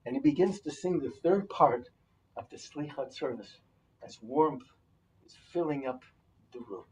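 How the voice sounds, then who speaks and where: A man telling a folk tale to his congregation in a halting, lively way, often repeating words, in a synagogue sanctuary. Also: on the high side, distant mic, slight background noise, low-quality recording. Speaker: storyteller.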